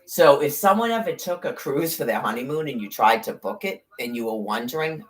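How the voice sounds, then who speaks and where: A woman's voice: rumbling low, animated, fairly quick, few pauses. Blunt, rambling middle-aged woman. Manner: rambling, blunt and profane, with sarcastic asides. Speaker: podcast host. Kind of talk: casual chat.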